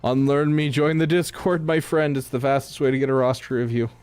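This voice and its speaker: A man's voice: medium pitch, fairly even intonation, a little fast, a little mellow, smooth, faint music behind. A man streaming live, chatting casually with his viewers, rambling, restarting his sentences and laughing often. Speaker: streamer reading chat.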